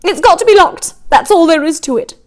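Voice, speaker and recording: A woman's voice: very high-pitched, lively intonation, fairly quick, pitched above the performer's own voice. A woman reading a story aloud, voicing a frightened, tearful housewife who pleads near tears. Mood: frightened pleading.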